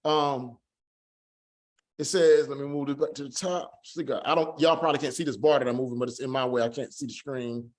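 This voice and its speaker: A man teaching a Hebrew class online, patiently repeating words slowly to drill their pronunciation. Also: medium pitch, fairly even intonation.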